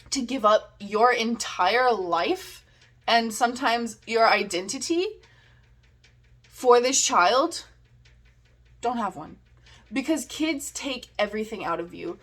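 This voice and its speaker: A young woman chatting to her camera in a relaxed vlog, her voice sitting a little high. She rambles with plenty of "like," laughs at herself and drifts off on tangents. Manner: chatty, giggly, lots of "like" and self-mockery. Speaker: vlogger. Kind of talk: casual vlog storytelling.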